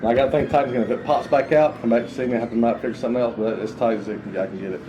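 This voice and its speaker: A man's voice: mid-range voice, steady tone, rapid-fire, muffled recording, background noise. A man working as a mechanic, rambling loosely as he explains repairs to a customer. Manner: rambling, loose shop talk. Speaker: auto mechanic.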